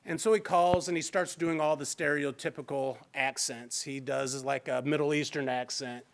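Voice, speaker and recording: A man's voice: a little high, steady tone, moderate pace, background noise. A man with a Midwestern American accent giving a live fair housing training in a library meeting room, talking conversationally and acting out quoted examples.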